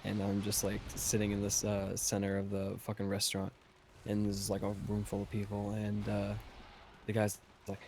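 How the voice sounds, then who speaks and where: Casting note: man, low flat gravelly voice, rambling storyteller with a foul mouth. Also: fairly quick, noisy background. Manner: profane, rambling, laid-back. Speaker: podcast host. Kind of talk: casual storytelling.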